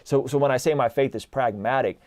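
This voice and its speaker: Speaking a little fast in a mid-range voice, this thirtysomething guest is an animated storyteller who acts out dialogue in casual conversation, frequently adding "like" and "right?". The recording is studio quality without echo.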